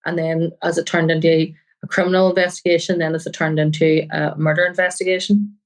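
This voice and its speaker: A woman's voice: low-pitched, level tone, a little fast, low-quality recording. A woman journalist, a guest on a crime podcast, talking earnestly and often quoting people she met. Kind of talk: podcast interview.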